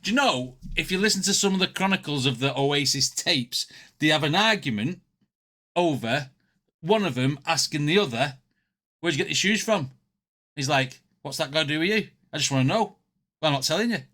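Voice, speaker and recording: Bright-voiced British man, laughing a lot. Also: a little high, animated, a little fast. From United Kingdom. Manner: laughing, rambling storytelling. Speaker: reaction video host. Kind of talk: casual chat.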